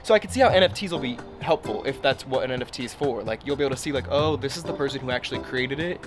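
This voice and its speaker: Brief: thirties male travel vlogger, middle-pitched, joking and sarcastic, background music under the voice. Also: rapid-fire. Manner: chatty, sarcastic, swears and laughs often. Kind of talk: casual vlog monologue. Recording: music playing over the voice.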